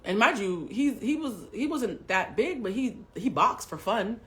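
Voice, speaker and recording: A woman hosting a live stream, telling a personal story to her chat with lots of swearing. She drops to hushed asides, then bursts out loud. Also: a little high, big pitch swings, a little slow. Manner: profane, swings between hushed asides and loud outbursts; talks directly to live chat.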